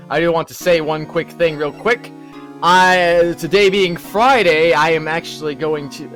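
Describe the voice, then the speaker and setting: A man's voice: a little high, a bit bright. A man hosting a let's play, chatting casually in a rambling, self-correcting way. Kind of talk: casual gaming commentary.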